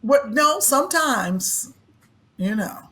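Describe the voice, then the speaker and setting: Playful middle-aged woman cohost, husky voice, bouncy pitch all over. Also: expressive, slow pace, fairly bright tone. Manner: playful, chiming in with jokes. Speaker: podcast co-host. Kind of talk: casual comedic chat.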